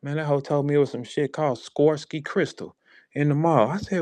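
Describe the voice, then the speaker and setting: Animated storytelling man with a St. Louis accent. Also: brisk, slight background noise. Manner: animated storyteller who acts out dialogue with big pitch jumps. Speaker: host. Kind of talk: casual chat. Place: online audio space.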